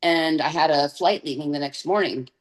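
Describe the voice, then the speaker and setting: A woman's voice: sits low, moderate pace, rough recording. A woman guest on an interview podcast, sharing her personal testimony candidly and vividly.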